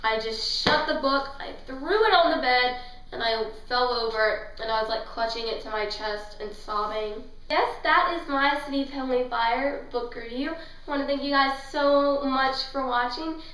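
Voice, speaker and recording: A woman's voice: high voice, normal speed, a bit bright, recorded from a distance. Gushing young-sounding woman vlogger, roomy echo. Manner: gushing, emotional, rambling with fillers. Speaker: book vlogger. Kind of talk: casual book review vlog.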